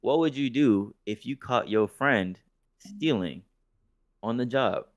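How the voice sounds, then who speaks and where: A man's voice: mid-range voice, animated, slow, dry recording, studio quality. A man co-hosting a podcast, telling a story in casual chat, swearing freely and laughing often. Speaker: podcast co-host.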